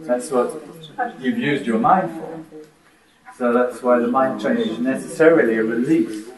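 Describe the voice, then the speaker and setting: A man's voice: mid-range voice, normal speed, crowd noise. A man preaching to a gathered audience, throwing rhetorical questions and laughing lightly as he talks. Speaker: spiritual teacher. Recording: echoey room from a distance, audience.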